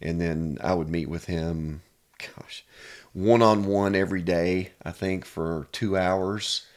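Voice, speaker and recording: A man from Pennsylvania, a chiropractor appearing as a guest, tells personal stories in an earnest, casual manner. His voice is low-pitched and steady, and he speaks slowly.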